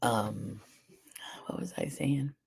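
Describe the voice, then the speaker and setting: Low-voiced woman chatting with her stream. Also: takes it slowly, vocal fry, darkish tone, a little hiss or hum. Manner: chatty and rambling, with many fillers and restarts; addresses viewers and the chat directly. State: groggy, sleepy. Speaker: livestream host. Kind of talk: casual live-stream talk on wellness.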